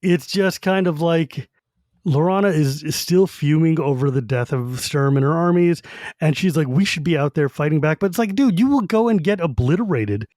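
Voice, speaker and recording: A man's voice: fairly high pitch, lively intonation, normal speed, a little mellow, dry recording, clean studio sound. A man co-hosting a book podcast, casually retelling scenes and paraphrasing characters in slangy quoted voices. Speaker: podcast co-host.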